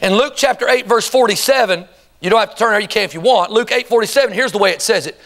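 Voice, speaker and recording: A man's voice: sits high, fast talker, a bit bright. A man preaching a sermon in a church, questioning the congregation and calling on them to answer back. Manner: asks the congregation rhetorical questions and calls for responses. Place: church sanctuary before a congregation.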